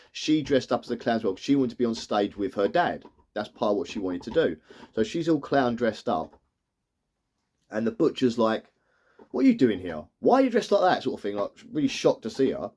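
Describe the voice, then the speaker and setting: Male TV reviewer, choked up, retells scenes loosely and voices the characters, mid pitch. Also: lively intonation, a little fast, a little mellow. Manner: rambling retelling that acts out characters' lines. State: tearful, emotional. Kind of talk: emotional episode recap.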